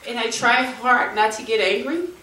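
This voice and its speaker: Middle-aged woman at a forum lectern, earnest and halting, picked up from across a room. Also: on the high side. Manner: earnest, halting, turning forceful. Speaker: bereaved mother speaking at a forum. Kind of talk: public testimony. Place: community meeting room. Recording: echoey room, from far off, faint noise.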